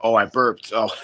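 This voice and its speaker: A man hosting his homestead channel, chatting casually and crudely with viewers in a relaxed, rambling drawl. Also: medium pitch. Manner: relaxed drawl with loose grammar and fillers. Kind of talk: casual livestream chat with viewers.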